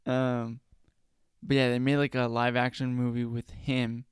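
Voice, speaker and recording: A man's voice: mid-range voice, little pitch movement, measured pace, clean tone, dry recording, studio quality. A man co-hosting a casual podcast chat, talking hesitantly with lots of fillers and trailing off.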